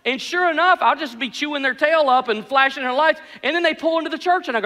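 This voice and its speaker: High bright-voiced pastor in a reverberant hall. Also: male voice, quick pace. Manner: animated storytelling with self-mocking humor. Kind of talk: sermon.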